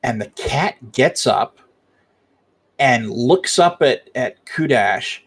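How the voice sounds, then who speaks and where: Give me a man narrating as game master, unhurried and hesitant. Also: mid-range voice. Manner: hesitant, many fillers.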